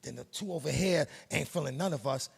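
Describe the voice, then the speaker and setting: Middle-aged Harlem man, New York accent, gravelly and husky, emphatic streetwise interviewee. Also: on the high side, fairly quick. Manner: streetwise, preachy, emphatic with slang. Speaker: production company head. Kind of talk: interview, casual monologue.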